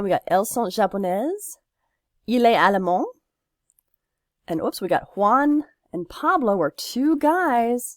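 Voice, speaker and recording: A woman's voice: medium pitch, no room sound, clean studio sound. A woman teacher explaining French grammar step by step in a recorded lesson, patient and plain.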